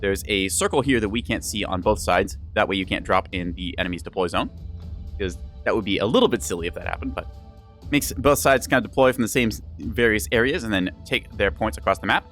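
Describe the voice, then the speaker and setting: A man's voice: on the low side, fairly quick, a bit bright, soft background music. A young adult man giving casual live-stream commentary on a game, chatty and rambling, with frequent laughs and teasing asides.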